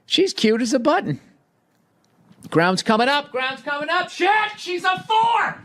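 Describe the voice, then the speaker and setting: A man putting on a mocking falsetto as a self-absorbed young woman taking a selfie. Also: big pitch swings, measured pace, a bit bright, full character voice.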